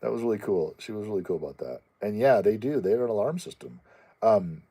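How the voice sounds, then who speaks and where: A man with a very low, husky voice talks through viewer questions in loose, unscripted chat. His tone is dark and mellow, and he stops and restarts sentences often. Now and then he jumps up into a squeaky voice to act out his pets. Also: animated. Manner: rambling, halting, many restarts and fillers; acts out pet voices in a high squeaky tone. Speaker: channel host answering viewer questions. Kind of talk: casual chat.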